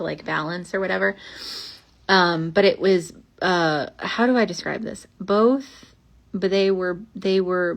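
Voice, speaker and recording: A young woman hosts a podcast where she reads old ghost stories aloud, rambling casually and chattily with lots of fillers and asides. She slows down for the spooky lines. Her voice is mid-range and a bit bright.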